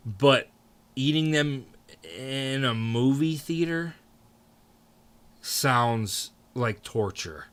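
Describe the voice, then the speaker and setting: A young man streaming, chatting casually with his viewers, swearing freely and jumping into mock outrage. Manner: animated, swears freely, answers chat, jumps into high mock outrage. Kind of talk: casual live-stream chat.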